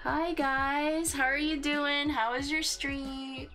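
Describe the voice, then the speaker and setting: Casual woman streamer, higher voice, unhurried, giggly, music underneath. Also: flat delivery, sharp tone. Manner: chatty, talks to viewers while working, giggles often. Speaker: streamer painting with watercolors. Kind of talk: casual livestream chat.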